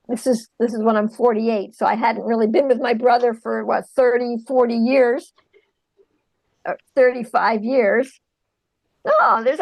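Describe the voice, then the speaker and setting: A woman's voice: a little high, no room sound, rough recording. A woman in her forties, a guest recounting her inner journey in an earnest, searching way. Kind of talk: reflective personal account.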